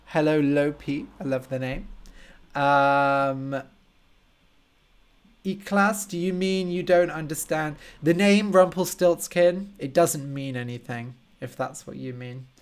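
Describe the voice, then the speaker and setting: Guy doing a live english lesson, talks real slow and clear, says hi to viewers. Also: fairly high pitch, fairly even intonation. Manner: slow, clear, simplified speech for learners; greets viewers by name and explains words. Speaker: language teacher hosting a live stream. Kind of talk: casual live-stream chat with viewers.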